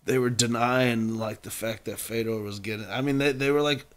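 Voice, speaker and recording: A man co-hosting a casual sports podcast, talking in an animated way and laughing often. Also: mid-range voice, normal speed. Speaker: podcast co-host. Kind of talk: casual chat.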